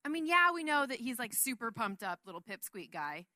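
A woman's voice: fairly high pitch, very animated, a little fast, pushed and bright, dry recording, clean studio sound. A woman giving a casual Bible teaching in a chatty, rambling way, laughing often.

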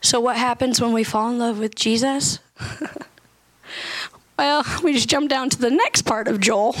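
A woman's voice: a little high, unhurried, pauses often, poor audio. A woman preaching a sermon with passion, reading scripture and breaking into casual slang, at times crying out. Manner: impassioned, rising to cries when quoting prayer; reads scripture aloud, then speaks casually with slang.

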